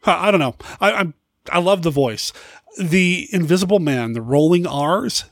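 A man's voice: on the high side, animated, moderate pace, dry recording, clean studio sound. A man hosting a podcast in a casual, enthusiastic, rambling chat. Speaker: podcast host.

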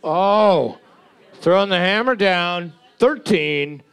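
A man's voice: sits high, animated, slow pace, fairly bright tone, smooth. A young man co-hosting a trivia night, reading out scores and teasing the teams. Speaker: quiz co-host scoring answers. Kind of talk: casual banter while marking answers.

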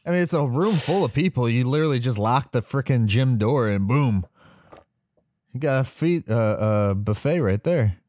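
A man's voice: mid-range voice, expressive, normal speed, darkish tone, dry recording. A man co-hosting a podcast who speculates about the show in a loose, rambling way full of fillers. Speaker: podcast co-host. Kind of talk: casual episode recap chat.

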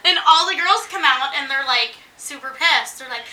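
A woman's voice: high voice, fast talker, recorded from a distance. A woman chatting casually and telling a long story, acting out what people said. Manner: animated storyteller acting out quotes. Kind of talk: casual chat. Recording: echoey room, voice off-mic.

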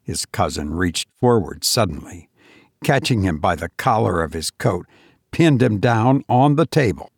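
A man narrating a story in a measured reading. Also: fairly low pitch, sing-song, breathy edge, no room sound, clean studio sound. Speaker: audiobook reader. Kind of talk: scripted narration.

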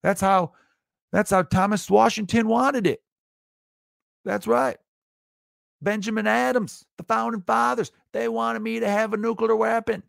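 A man's voice: sits high, steady tone, measured pace, vocal fry, pauses often, dry recording, clean studio sound, pitched above the performer's own voice, full character voice. A man voicing a brash, boastful Southern gun-rights man, in a mocking Southern accent. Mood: boastful indignant. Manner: loud, boastful, indignant. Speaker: comedian.

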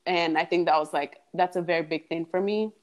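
A woman's voice: lowish voice, fairly even intonation, a little fast. A young woman guest in a casual podcast chat, speaking earnestly and reflectively with frequent fillers.

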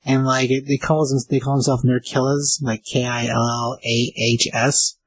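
A man casually recapping a comic book page by page, rambling with lots of fillers and slipping into quick voices for the characters. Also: mid-range voice, level tone, slightly rough, no echo, poor audio.

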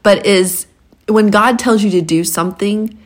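A woman's voice: mid-range voice, a little slow. A woman, married over two decades, co-hosting a casual chat and speaking in a reflective, conversational way. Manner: conversational, reflective, faith-centered. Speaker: podcast co-host.

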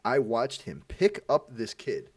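A young man casually telling animated stories among friends, swearing freely and acting out what people said. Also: medium pitch, a little slow, dry recording, far from the mic.

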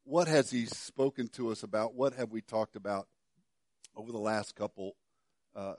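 A middle-aged pastor preaching a sermon, telling a story with many stammered restarts and dropping to soft, quiet passages. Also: male voice, fairly low pitch, fairly even intonation, normal speed, dry recording, clean studio sound.

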